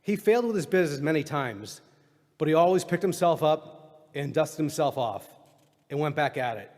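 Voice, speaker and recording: Middle-aged man, eulogy speech, wry deadpan storytelling, slightly high voice, long hall reverb. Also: moderate pace. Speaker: son giving a eulogy. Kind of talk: eulogy speech with humorous stories.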